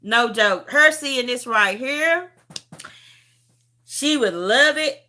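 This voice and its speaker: Brief: middle-aged woman, bright ringing voice, phone livestream, heartfelt talk to her viewers. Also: on the high side, animated, slow. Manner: heartfelt, repetitive, talks straight to viewers. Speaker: livestream host. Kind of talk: emotional testimony chat.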